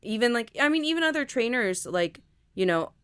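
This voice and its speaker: A woman's voice: on the high side, big pitch swings, a little fast, a bit bright, smooth, no room sound, studio quality. A young woman co-hosting a casual podcast chat, rambling with lots of fillers and restarts. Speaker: podcast co-host.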